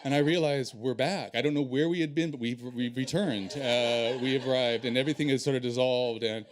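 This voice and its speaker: A man telling a personal story on stage in an animated, self-deprecating way. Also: medium pitch, a little fast.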